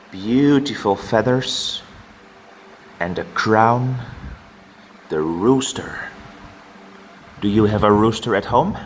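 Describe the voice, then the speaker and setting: A man teaching farm animal names to young learners, saying each word slowly and repeating it for them to copy. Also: fairly low pitch, slight background noise. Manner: slow, drawn-out word modelling with repeated words. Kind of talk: children's vocabulary lesson.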